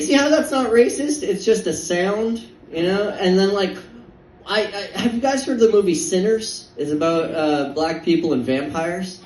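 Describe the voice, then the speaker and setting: A young man doing a stand-up set in a comedy club, rambling and stammering in a self-deprecating way. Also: sits high. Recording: echoey club, distant mic.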